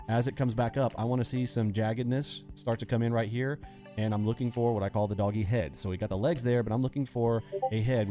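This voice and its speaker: A man hosting a live day-trading lesson, animated and acting out panicking traders with sound effects as he explains. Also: medium pitch. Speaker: day trading instructor and host.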